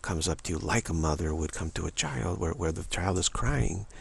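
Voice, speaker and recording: A man's voice: low voice, moderate pace, vocal fry, breathy edge. A man giving a spiritual teaching monologue, repeating himself often and acting out little dialogues. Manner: repetitive, many restarts and "you know", acts out dialogues.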